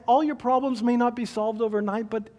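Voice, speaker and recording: A man preaching a sermon, retelling a story with acted-out quoted voices and shifts between loud calls and quiet, slow emphasis. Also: very high-pitched, fairly even intonation. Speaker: pastor.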